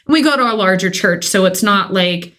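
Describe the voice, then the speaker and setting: A woman's voice: medium pitch, animated, normal speed, a bit bright. A woman in her thirties shares her own adoption story on a podcast. She talks in a casual, emotional storytelling way and slips into the voices of her family when she quotes them.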